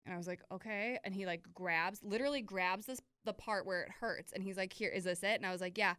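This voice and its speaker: A young woman tells a story in casual conversation, voicing the other people in it with sudden jumps up in pitch. Her voice is smooth and clear. The recording is close and dry, with no room sound. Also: fairly quick, dry recording. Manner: animated storyteller, acts out quotes with big pitch jumps. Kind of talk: casual chat.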